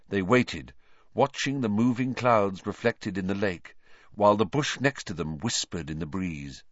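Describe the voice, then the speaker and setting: A man's voice: lowish voice, expressive, a little slow, dry recording, muffled recording. A man narrating an audiobook, reading expressively and voicing the characters.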